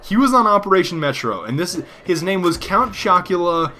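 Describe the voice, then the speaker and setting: A man's voice: sits high, lively intonation, moderate pace, pushed and bright. A man giving joking, rambling gameplay commentary. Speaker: gaming commentator.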